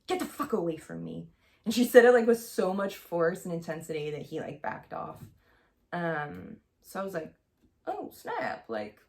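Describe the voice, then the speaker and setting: Chatty young woman with a gravelly edge. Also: low-pitched, a little mellow. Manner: chatty, heavy use of "like" and "um", candid. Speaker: vlogger. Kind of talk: casual storytelling to camera.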